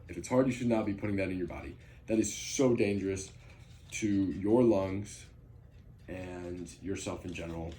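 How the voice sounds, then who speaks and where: A man's voice: low-pitched, darkish tone, slight background noise. A young man giving an earnest persuasive speech, with frequent ums and restarts. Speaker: student speaker.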